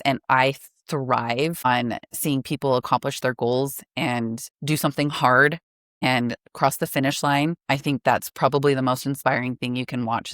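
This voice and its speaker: A woman's voice: extremely low pitch, dry recording, studio quality. A woman guest on a podcast, talking earnestly and casually about running, with lots of filler words. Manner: earnest, chatty, filler-heavy. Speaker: podcast guest, running store operating partner. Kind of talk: casual interview conversation.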